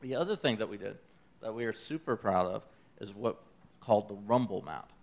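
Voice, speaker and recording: A man's voice: on the low side, animated, a little fast, vocal fry, darkish tone. A man from Memphis with a Southern accent, giving an enthusiastic conversational talk about a science project. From Memphis, Tennessee. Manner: enthusiastic, conversational, with fillers and asides. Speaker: presenter of an eclipse accessibility project. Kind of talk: conference talk.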